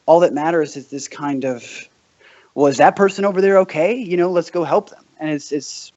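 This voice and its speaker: A man's voice: on the high side, brisk, darkish tone, muffled recording. A man chatting casually on a podcast, rambling with lots of fillers. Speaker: podcast guest. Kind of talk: casual chat.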